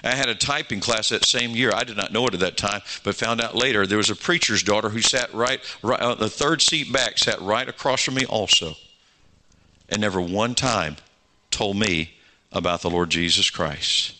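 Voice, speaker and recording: A man, preaching a sermon. He tells stories and voices their dialogue, then presses his point with fervent calls to the congregation. His voice is very bright and forward. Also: lowish voice, moderate pace. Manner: storytelling preacher, acts out dialogue, rising to fervent exhortation. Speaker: pastor.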